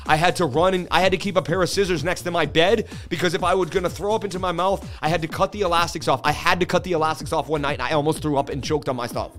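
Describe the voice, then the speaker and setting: A man's voice: fairly high pitch, a bit bright. A man hosting a crypto livestream, telling rambling stories in casual slangy chat and saying "dude" and "man" a lot.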